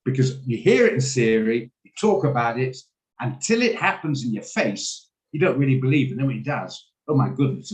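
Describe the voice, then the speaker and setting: Over a video call, an English-speaking trading coach teaches a live online class on trading in a chatty, wandering way, laughing frequently. He has a lowish voice, and the audio quality is poor.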